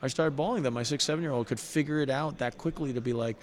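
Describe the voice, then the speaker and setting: A man's voice: mid-range voice, quick pace. A middle-aged man, a poker player guest on a show, telling personal stories in an earnest, heartfelt way with frequent restarts. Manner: heartfelt, earnest, animated retelling with many restarts. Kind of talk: conversational storytelling.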